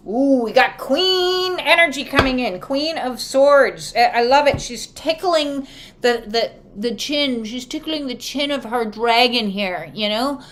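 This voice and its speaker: High-voiced woman giving a card reading. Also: a little slow, a little hiss or hum. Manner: casual, emphatic, swears freely; acts out quoted voices. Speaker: oracle and tarot card reader. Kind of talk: live spiritual card reading, answering viewers.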